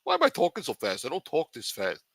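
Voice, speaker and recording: Brash, profane man, bright voice. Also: fairly high pitch, huge pitch swings, quick pace, vocal fry, slightly rough, no echo. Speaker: livestream show host. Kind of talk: casual livestream chat in a mob boss persona.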